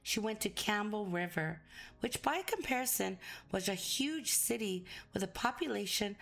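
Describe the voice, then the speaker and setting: A woman narrating a documentary in a calm, explanatory way. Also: mid-range voice, moderate pace, gravelly. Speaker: narrator and interviewer. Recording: faint music underneath. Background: faint music.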